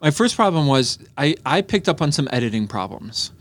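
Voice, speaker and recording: Brief: male podcast co-host, rambling storyteller, slightly high voice. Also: sing-song, brisk. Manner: rambling storyteller with frequent restarts, acts out dialogue. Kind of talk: casual chat reviewing a movie.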